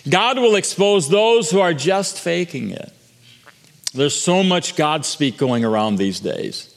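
Male pastor, higher voice, earnest sermon delivery with restarts, long hall reverb. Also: lively intonation, slow, vocal fry. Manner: earnest preaching with frequent restarts and repetitions.

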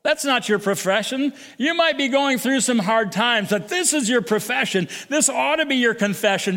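A male pastor preaching a sermon, moving from hushed, low reflection to raised, emphatic calls and repeating phrases for effect. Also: animated, normal speed, few pauses. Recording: long hall reverb.

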